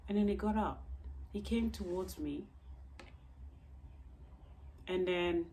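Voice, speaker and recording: A young woman vlogger telling a story in an expressive, emphatic way. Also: fairly low pitch, slow. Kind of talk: storytime vlog.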